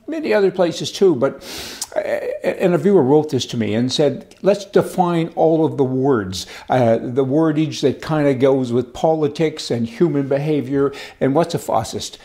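A man's voice: a little high, warm tone. An older man giving rambling, folksy political commentary as host, with chuckling asides.

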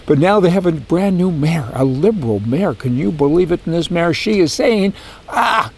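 A man's voice: a little high, expressive, normal speed, creaky, a little mellow, breathy edge. A man hosting a political commentary monologue, ranting with sarcastic asides. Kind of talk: opinionated monologue.

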